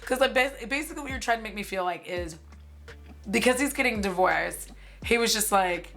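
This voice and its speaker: A little fast and a bit bright, with medium pitch, a woman in her forties chats through a sarcastic movie recap on her commentary stream. She uses "like" heavily and swears freely along the way.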